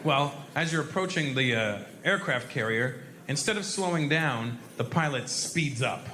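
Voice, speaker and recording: A man doing a stand-up comedy set on stage before a live audience, telling a profane, animated story and bantering with the crowd. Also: mid-range voice, measured pace, echoey room, noisy background.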